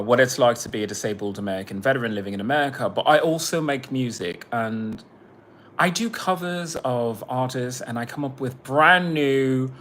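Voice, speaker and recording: A man's voice: medium pitch, a bit bright, slight background noise. Rambling, profane man on a livestream. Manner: rambling, profane, breaks off to greet viewers. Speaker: independent musician livestreaming. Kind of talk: casual livestream chat.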